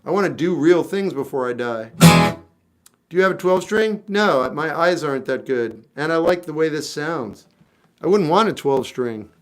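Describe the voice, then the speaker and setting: A singer-songwriter in his fifties chats casually on a livestream, answering comments bluntly, wryly and offhandedly while guitar plays in the background. His voice is on the high side, expressive, at normal speed.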